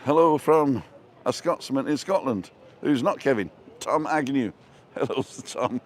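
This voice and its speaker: A man's voice: mid-range voice, animated, measured pace. Chatty middle-aged man streaming live outdoors. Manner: chatty, reads out viewer comments and jokes. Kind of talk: casual live-stream chat. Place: outdoors on town streets and a square.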